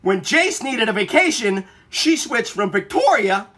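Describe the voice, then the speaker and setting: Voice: medium pitch, sing-song, a little slow, sharp tone. A filmmaker narrating a documentary and questioning people on recorded calls, blunt and indignant, swearing freely.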